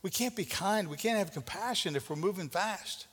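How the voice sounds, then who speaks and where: A man preaching a conversational sermon as pastor, often repeating words and swinging between loud and soft. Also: high voice, lively intonation, moderate pace, slightly rough, in a large hall.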